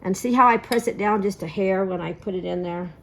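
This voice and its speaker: A woman's voice: medium pitch, a little fast, vocal fry, fairly bright tone. A woman hosting a casual cooking demonstration in a home kitchen, chatty and folksy, telling family stories as she works. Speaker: cooking show host.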